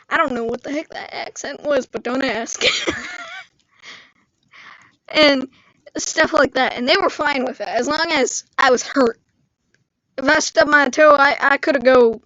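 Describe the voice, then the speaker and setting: A woman vlogger telling a story on a live stream in an animated way, acting out the lines people said. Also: sits high, moderate pace, no room sound, lo-fi sound. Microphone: screen-recorded live stream mic.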